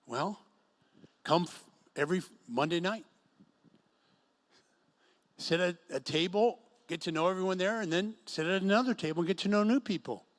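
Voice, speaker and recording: Speaking in a high-sitting voice at normal speed with long pauses, a middle-aged pastor addresses a singles group in an event room. His sermon relies on storytelling, with quotes he acts out.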